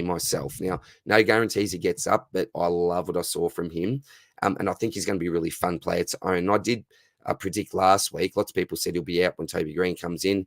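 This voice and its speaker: Aussie bloke reading chat questions on a home stream, real low voice, bit hoarse, calls everyone mate. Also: male voice, dry recording. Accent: Australian. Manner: friendly, says "mate" constantly. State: voice going hoarse. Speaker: fantasy football livestream host.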